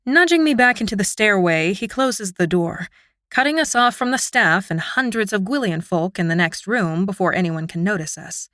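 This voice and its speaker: Woman narrator for a fantasy audiobook, expressive, medium pitch, dry close recording. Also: normal speed, dry recording. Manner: expressive, emotional reading. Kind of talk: first-person fantasy narration.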